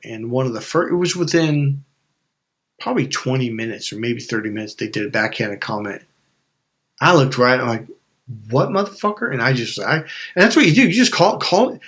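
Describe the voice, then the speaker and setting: A man giving a motivational coaching talk straight to camera, blunt and unfiltered, with plenty of swearing. He presses his points by repeating himself and slips into quick voices of the people in his stories. His voice sits at an ordinary middle pitch. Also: a bit bright. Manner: blunt, emphatic and profane, with repeated insistent phrasing. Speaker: life coach and channel host.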